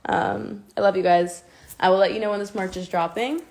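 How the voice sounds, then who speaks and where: Gravelly young woman rambling on a livestream. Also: medium pitch, steady tone, fairly quick, darkish tone. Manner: rambling, confessional, self-conscious. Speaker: singer livestreaming to fans. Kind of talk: candid livestream chat. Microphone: phone livestream.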